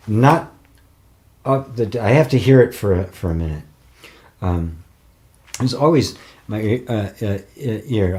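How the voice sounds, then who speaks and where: A man's voice: low voice, darkish tone. An older man in casual chat, rambling with fillers, restarts and frequent chuckles as he reads viewer comments. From United States. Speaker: spiritual teacher.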